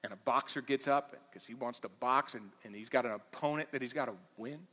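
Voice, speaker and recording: A man preaching a sermon as pastor, swinging between quiet, low asides and loud, impassioned bursts. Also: a little fast. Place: church auditorium. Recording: reverberant church hall.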